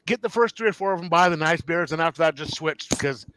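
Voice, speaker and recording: A man's voice: on the high side, fast, a bit bright, slight background noise, poor audio. A man chatting casually on a comics livestream, rambling through stories with lots of fillers and banter.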